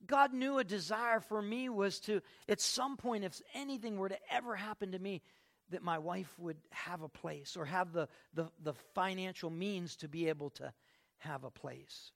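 An older male pastor gives a folksy, conversational sermon, dropping into soft asides and then lifting his voice for emphasis. His voice is slightly high with a gravelly grain. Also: moderate pace.

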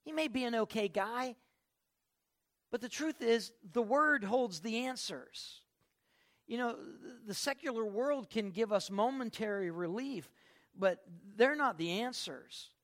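A man preaching a sermon in an emphatic way, building to loud bursts and acting out the people he quotes. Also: very high-pitched, a little slow.

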